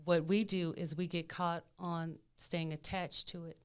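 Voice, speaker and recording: A woman talking as a podcast guest in casual conversation, animated, repeating phrases and acting out inner voices. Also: fairly low pitch, measured pace, clean tone. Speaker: podcast guest, spiritual advisor.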